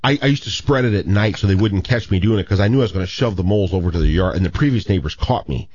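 Deep-ish guy talking fast on the radio, rambles, dull dry studio sound. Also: husky, no room sound. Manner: rambling, animated storyteller. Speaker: radio show co-host. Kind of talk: chatty talk radio banter.

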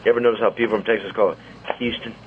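On his casual radio talk show, a St. Louis host in his sixties speaks in a low, steady tone, spinning meandering stories with quick asides. Faint hiss sits behind slightly dull, muffled studio sound.

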